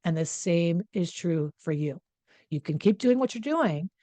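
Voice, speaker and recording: A woman's voice: fairly low pitch, animated, unhurried, warm tone, no echo. A middle-aged woman coach talking casually and candidly to the camera, mocking herself in a chatty way. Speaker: relationship coach. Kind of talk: casual direct-to-camera talk.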